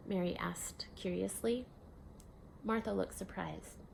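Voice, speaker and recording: A woman reading a children's novel aloud, expressive, with soft hushed asides. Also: lowish voice, measured pace, creaky, a little hiss or hum. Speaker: storyteller. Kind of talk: storybook reading.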